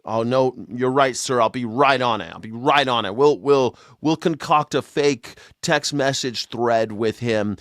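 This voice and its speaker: A man's voice: medium pitch, dry recording, clean studio sound, close to an everyday voice. A man voicing a boozy, bumbling male official who fawns and stammers. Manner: fawning, stammering.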